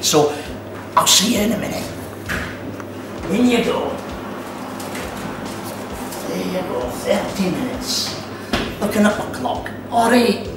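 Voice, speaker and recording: A slow, gravelly-voiced Scottish man walks through a recipe in a relaxed, chatty way, forever checking in with "all right" and "aye". He sounds far from the mic in a very echoey kitchen. Music plays clearly underneath. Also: sits high. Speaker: cooking show host. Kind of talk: casual cooking demonstration. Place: kitchen at an activity centre.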